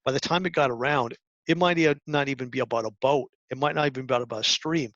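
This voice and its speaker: A middle-aged man giving a talk to high school students, coaching earnestly with restarts and acted-out examples. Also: fast talker, a bit bright, dry recording. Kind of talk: presentation talk. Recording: dull lo-fi sound.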